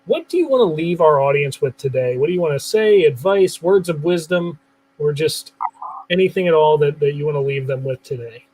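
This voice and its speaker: Enthusiastic male interview host, slightly high, husky voice, repeats words as he starts. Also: lively intonation, a little fast, darkish tone, low-quality recording. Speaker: show host. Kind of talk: interview podcast talk.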